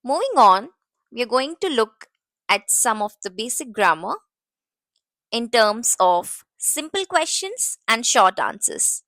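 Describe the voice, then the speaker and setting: A woman teaching a beginner lesson, saying model phrases slowly and deliberately. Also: on the high side, sing-song, fairly bright tone, no room sound, studio quality. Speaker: English teacher.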